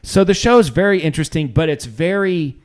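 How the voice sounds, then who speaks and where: A man co-hosting a podcast in casual comedic chat, rambling with deadpan, self-mocking jokes. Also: fairly high pitch, brisk. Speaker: podcast co-host.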